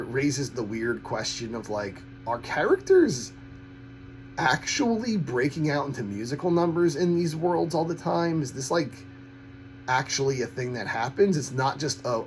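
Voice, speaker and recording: A man talks through his film opinions in a loose, rambling way. His voice sits at an ordinary middle pitch. He stumbles over false starts and repeats himself as he makes his blunt criticisms, with faint noise behind him. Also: low-quality recording. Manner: halting, with frequent false starts and repeated words. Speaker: host of a film-ranking channel. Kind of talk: casual opinionated rambling review.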